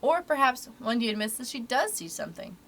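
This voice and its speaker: Expressive woman reading a storybook aloud. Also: on the high side, brisk. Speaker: library storytime reader. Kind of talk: reading a children's book aloud.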